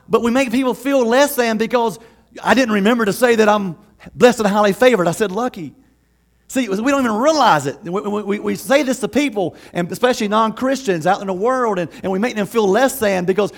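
A man preaching a sermon as pastor, conversational and lively, laughing often and acting out quotes. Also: high-pitched, a little fast, vocal fry.

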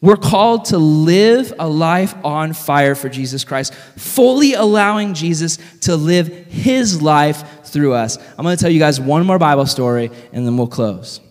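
A man preaching a sermon to a group, energetic and joking, who keeps quizzing his listeners with questions. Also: on the high side, measured pace, few pauses, long reverb tail. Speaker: youth speaker.

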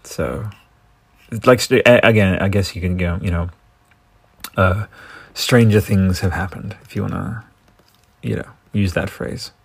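A man's voice: low voice, a little slow, creaky, long pauses, breathy edge, no echo. Rambling, swearing Australian man. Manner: rambling, enthusiastic, swears often. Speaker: podcast host. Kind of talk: casual solo podcast riffing.

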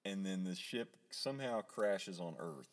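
Brief: podcast co-host, man, lowish pitch, casual and animated, frequent laughter. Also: measured pace. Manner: laughing often, animated retelling. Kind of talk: casual chat.

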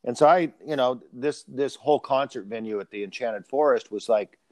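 A man's voice: mid-range voice, fairly quick, a little mellow, no echo. Rambling man telling stories, dry sound. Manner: rambling anecdotal storyteller. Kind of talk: casual conversation.

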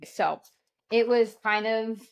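A woman's voice: a little high, slow, creaky. Chatty young woman telling stories. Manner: chatty, animated storytelling with many "like" fillers. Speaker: podcast co-host. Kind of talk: casual chat.

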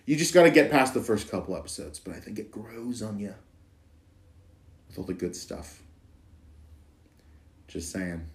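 A man's voice: fairly low pitch, animated, moderate pace, pauses often, roomy sound. A young man from Idaho co-hosting a podcast, chatting casually and teasing his partner with silly voices. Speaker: podcast co-host. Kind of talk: casual chat.

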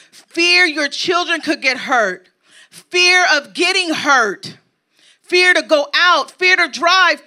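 Woman preacher, high voice, slow and rousing, keeps asking the church "okay?". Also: pushed and bright. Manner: rousing preacher who checks in with the crowd; lists items in an emphatic cadence. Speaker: apostle preaching to a congregation. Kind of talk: sermon.

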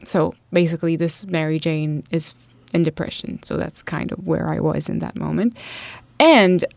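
A woman hosting a podcast, talking casually and reflectively, pausing often with fillers as she thinks aloud. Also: deep voice, vocal fry, no room sound. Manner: halting, thoughtful, many fillers. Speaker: podcast co-host.

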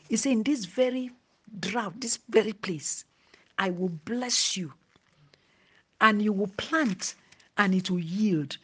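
A woman preaching a sermon, dropping to a hushed whisper at times and rising to emphasis. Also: medium pitch, unhurried, husky.

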